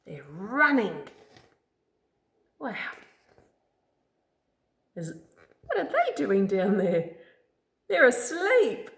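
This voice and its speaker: A woman reading a picture book aloud to a child, slow storytelling with friendly asides. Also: medium pitch, wildly swooping pitch, creaky, a bit bright. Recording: echoey room.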